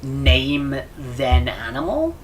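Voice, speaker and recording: A man's voice: mid-range voice, huge pitch swings, very slow, slight background noise. A man chatting casually to viewers on a live stream, rambling and stammering with lots of repeated words. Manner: chats with viewers between game moments.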